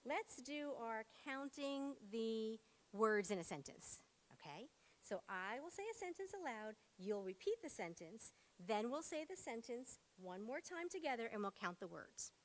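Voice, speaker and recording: Upbeat woman teacher with a lively voice. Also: a little high, a little slow. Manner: upbeat, encouraging, prompting in short words. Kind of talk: classroom phonics demonstration. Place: school meeting room.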